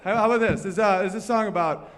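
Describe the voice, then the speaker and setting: A man doing loud, profane crowd work at a piano, teasing someone in a bar. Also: high-pitched, very fast. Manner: loud, brash and profane, teasing an audience member. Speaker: comedian at the piano. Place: bar or club room. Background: faint piano.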